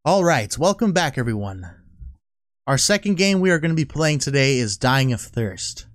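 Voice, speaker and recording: A man playing a horror game on a headset mic, excitable, laughing often and swearing at the game. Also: medium pitch, moderate pace, no echo, clean studio sound. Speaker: gaming YouTuber. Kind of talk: let's-play commentary.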